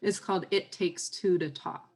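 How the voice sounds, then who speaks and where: A woman speech pathologist giving advice on a podcast, explaining in a gently instructive way and modeling phrasing aloud. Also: on the low side, fairly even intonation, normal speed. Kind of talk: podcast interview.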